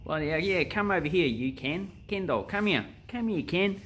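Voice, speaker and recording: A man with an Australian accent voicing a rude, loud-mouthed Aussie bloke who shouts and swears to call someone over. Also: high voice, animated, normal speed, pitched above the performer's own voice. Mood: yelling, crude.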